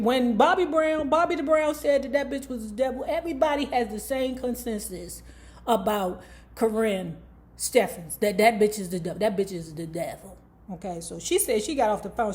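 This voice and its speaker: A woman's voice: medium pitch, darkish tone. Sassy, profane woman dishing book gossip. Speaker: book review vlogger. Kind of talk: casual commentary on a book.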